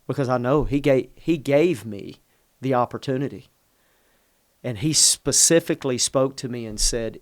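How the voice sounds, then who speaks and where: A mid-range male voice at normal speed, captured in a dry recording, belongs to a middle-aged pastor. Conversationally he tells a personal story, earnest and emotional, repeatedly restarting his sentences.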